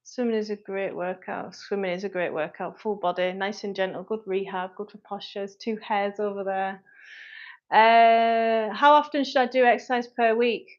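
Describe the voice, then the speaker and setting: A woman's voice: mid-range voice, fairly even intonation. A woman, a personal trainer answering viewer questions on a live stream in a frank, chatty way. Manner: frank, chatty, quick asides to commenters. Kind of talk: livestream Q&A, reading viewer comments. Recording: dull lo-fi livestream audio.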